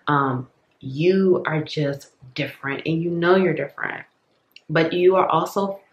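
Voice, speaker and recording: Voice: mid-range voice, echoey room, low-quality recording. A tarot reader giving a casual reading to viewers, rambling with lots of fillers, repeating phrases and stumbling over words.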